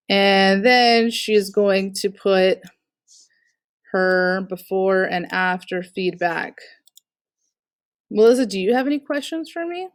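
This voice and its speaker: A woman's voice: medium pitch, slow pace, no room sound. A woman teaching an online art class, critiquing student artwork in an encouraging but direct way with frequent fillers, speaking into a computer mic on a video call.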